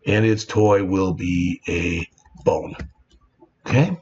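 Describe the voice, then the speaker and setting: A man's voice: low-pitched, takes it slowly, a little mellow, husky. A man teaching programming in a screen-recorded coding tutorial, explaining plainly and often saying "all right". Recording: dull lo-fi sound with faint background noise.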